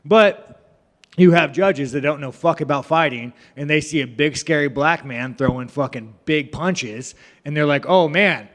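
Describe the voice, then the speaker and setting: Male fighter at a press scrum: brash, cursing, rambling jokester, fairly high voice, long room echo. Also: moderate pace, a bit bright. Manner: brash, profane, rambling, joking. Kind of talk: media scrum answers.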